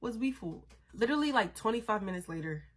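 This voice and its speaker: A woman vlogger telling a story in a casual, animated, dramatic way, swearing freely. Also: medium pitch, fast talker.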